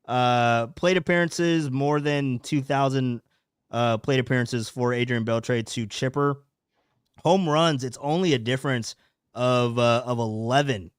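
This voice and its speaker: A man's voice: mid-range voice, a little slow, clear, resonant tone, dry recording, studio quality. A man co-hosting a casual sports podcast, rambling and restarting as he thinks aloud. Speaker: podcast co-host.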